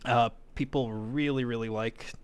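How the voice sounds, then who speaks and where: A man talking loosely and conversationally on a live stream, thinking aloud as he goes. His voice sits at an ordinary middle pitch. Now and then he bursts into short excited exclamations. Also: measured pace, clear, resonant tone. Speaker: livestreamer opening card packs. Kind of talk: casual live-stream chat.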